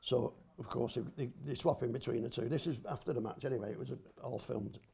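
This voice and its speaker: An older man, a grandfather appearing as a podcast guest, tells rambling football stories in casual local slang, a homely storyteller in easy chat. His medium-pitched voice is steady in tone, fast, creaky and dark.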